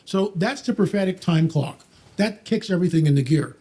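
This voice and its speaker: A man talking quickly and emphatically about Bible prophecy on a podcast, quoting scripture and mocking skeptics. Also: high-pitched, animated, warm tone, husky. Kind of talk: fast, preachy podcast talk.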